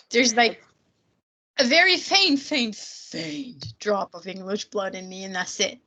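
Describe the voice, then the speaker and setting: Chatty German woman, a bit high. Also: sharp tone. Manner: chatty and laughing, quick asides. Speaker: podcast co-host. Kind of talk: casual chat.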